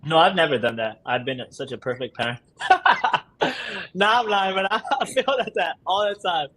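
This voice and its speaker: A man's voice: fairly high pitch, moderate pace, bright, forceful tone, slightly rough. A man speaking as a guest, a father talking candidly and laughing through his stories in casual conversation.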